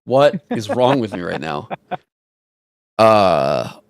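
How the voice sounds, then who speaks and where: A man hosting a casual live stream, talking in an animated, rambling way and swearing casually into a headset mic. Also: lowish voice, takes it slowly, gravelly, smooth, dry recording, clean studio sound. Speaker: streamer host.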